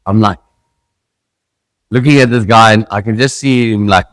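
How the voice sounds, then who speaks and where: A South African man co-hosts a casual podcast, telling easygoing stories full of "like" fillers. His voice sits somewhat low. The sound is dry and close. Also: normal speed, pauses often, dry recording. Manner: laid-back anecdotal, "like" fillers. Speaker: podcast co-host. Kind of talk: casual chat.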